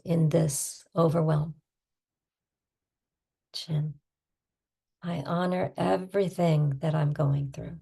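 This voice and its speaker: A woman stress coach leading a guided tapping session, soft-spoken and soothing, calling out tapping points between gentle affirmations. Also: sits low. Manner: soft-spoken, calm and soothing, breathy sighs.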